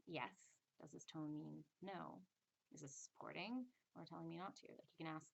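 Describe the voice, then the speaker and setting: A woman's voice: lowish voice, fairly bright tone, muffled recording. A woman giving a casual spiritual lesson, chatty and acting out little inner voices in quotes. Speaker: spiritual teacher. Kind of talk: casual teaching monologue.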